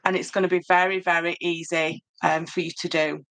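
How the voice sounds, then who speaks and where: Middle-aged Yorkshire woman, lower pitch, bright tone, casual live craft demo, chatty with ums. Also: flat delivery, brisk, gravelly. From Yorkshire, England. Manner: chatty, reads out and answers viewer comments, many ums. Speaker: papercraft tutor on a live stream.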